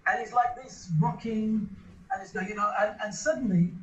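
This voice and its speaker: A man's voice: high voice, fairly even intonation, normal speed. A man being interviewed, telling a long story casually, with lots of restarts and repeated words. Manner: rambling storyteller with many restarts. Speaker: interview guest. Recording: echoey room, lo-fi.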